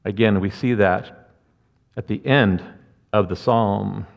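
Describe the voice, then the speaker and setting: A man's voice: fairly low pitch, takes it slowly, creaky. A man preaching a sermon as pastor, conversational and earnest, with asides to the congregation. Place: church sanctuary. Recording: muffled church hall reverb.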